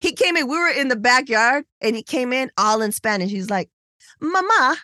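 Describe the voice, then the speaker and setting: A woman co-hosting a podcast tells a story in casual chat, acting out the people she quotes with animated delivery. Her voice is slightly high and brisk, captured in a dry, studio-quality recording.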